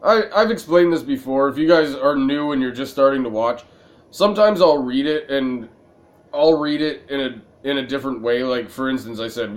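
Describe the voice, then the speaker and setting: A man's voice: medium pitch, normal speed. Rambling, slightly tipsy male gamer. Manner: rambling, self-mocking, laughs at his own jokes. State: a little tipsy. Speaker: gaming video creator. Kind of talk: let's-play commentary.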